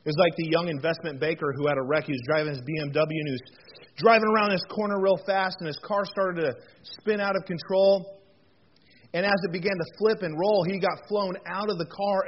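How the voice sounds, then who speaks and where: A pastor's sermon comes through a muffled lo-fi recording carrying a little hiss or hum. His voice is high, and his delivery is earnest and folksy, full of repeated words and asides where he stumbles into jokes.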